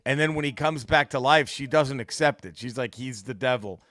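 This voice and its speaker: A man co-hosting a comedy podcast, chatting casually and profanely, animated and quick to laugh. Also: medium pitch, no echo. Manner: animated, profane, laughs a lot, does mock impressions. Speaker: podcast co-host.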